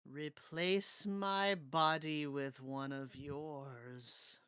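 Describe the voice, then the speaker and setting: A man voicing a cursed ancient wraith, speaking in a slow hushed whisper. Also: on the high side, steady tone, clear, resonant tone, no room sound, studio quality, exaggerated voice. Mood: ominous.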